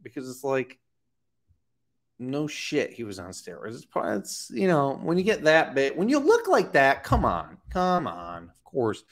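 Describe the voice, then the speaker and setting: A blunt man talking casually about fitness from home, his pitch swinging up and down with a lively, animated delivery. He is profane and throws in sarcastic, mocking asides. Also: unhurried. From Florida. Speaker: fitness coach. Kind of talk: casual talking-head commentary.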